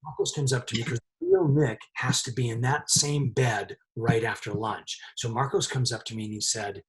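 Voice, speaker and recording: A middle-aged man, a set dresser, telling a lively anecdote in an interview and laughing often as he talks. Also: medium pitch, normal speed, few pauses.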